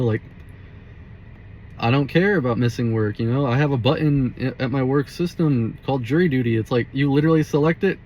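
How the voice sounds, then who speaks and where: Young male vlogger, mid-pitch, profane, rambling, car interior with faint noise. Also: darkish tone, poor audio. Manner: rambling, profane, heavy use of "like". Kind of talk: casual storytelling monologue. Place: inside a car.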